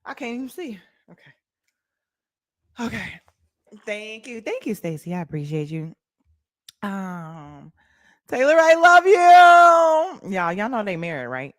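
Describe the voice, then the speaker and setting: Sassy animated woman livestreamer. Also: on the low side, measured pace, long pauses, no room sound, studio quality. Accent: African American Vernacular English. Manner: animated, sassy, talks back to chat. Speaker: livestream host. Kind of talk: casual livestream chat.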